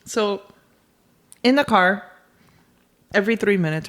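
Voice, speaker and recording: A woman's voice: on the low side, very animated, normal speed. A woman co-hosting a podcast in casual chat, laughing often and correcting her partner. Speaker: podcast co-host.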